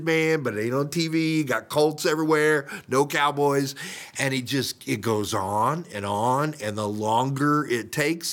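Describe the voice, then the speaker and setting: Older male pastor, sermon, lively storytelling, slightly high voice. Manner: storytelling, acts out quotes with big pitch jumps.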